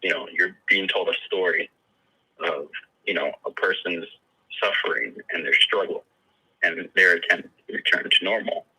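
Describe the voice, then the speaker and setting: A man's voice: low voice, moderate pace, pushed and bright, slightly rough, poor audio. A man practicing his testimony in a coaching session, hesitant and full of fillers and restarts.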